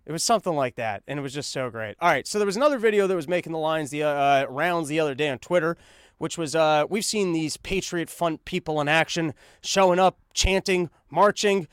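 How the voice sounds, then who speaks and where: A man's voice: on the high side, fairly quick, fairly bright tone, clear, resonant tone, dry recording, clean studio sound. A man hosting a comedic news monologue, rambling and sarcastic, talking while he paces on a treadmill. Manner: rambling, sarcastic, full of fillers and restarts; talks while pacing on a treadmill. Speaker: podcast host.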